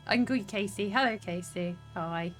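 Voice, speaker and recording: A woman's voice: medium pitch, normal speed, faint music behind. A young woman with a southern English accent, streaming a game and chatting to viewers, chatty and sweary with frequent laughs. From southern England. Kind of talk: casual gaming livestream chat.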